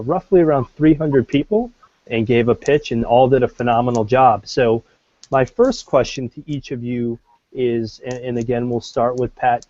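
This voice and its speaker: Formal man hosting a panel, dull low-fi recording, mellow tone. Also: no room sound. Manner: polite, formal. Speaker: moderator. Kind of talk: moderated panel discussion. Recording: muffled lo-fi recording.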